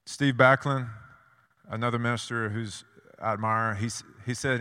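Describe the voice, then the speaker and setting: A male preacher delivering a sermon at a middle pitch, his voice trailing off into a long reverb that fills the church sanctuary. He tells stories, asks rhetorical questions and hammers ideas home through repetition. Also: steady tone, normal speed, sharp tone, clean tone.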